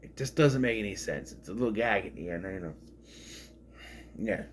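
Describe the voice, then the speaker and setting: A man's voice: expressive, normal speed, a little hiss or hum. A man giving a casual, rambling spoken review of a film, often restarting his sentences. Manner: rambling, restarts, swings in pitch and loudness. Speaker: movie reviewer.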